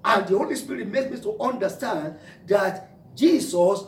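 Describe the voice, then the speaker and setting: A man's voice: sits high, moderate pace, a little hiss or hum. A man preaching a sermon as pastor, declaring and repeating phrases for emphasis. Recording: echoey room, mic at a distance.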